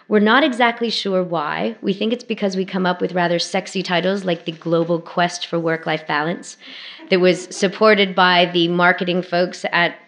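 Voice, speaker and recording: A woman's voice: fairly low pitch, fairly even intonation, a bit bright. Wry woman giving a lecture. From Canada. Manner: wry, self-deprecating humor, brisk and conversational. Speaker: academic guest speaker. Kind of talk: public lecture to alumni.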